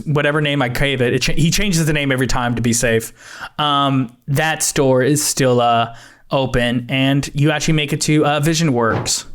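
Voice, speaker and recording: A man's voice: mid-range voice, fairly bright tone, clear, resonant tone. Rambling hesitant male game master. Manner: rambling, hesitant, laughs often. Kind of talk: narrating a tabletop game.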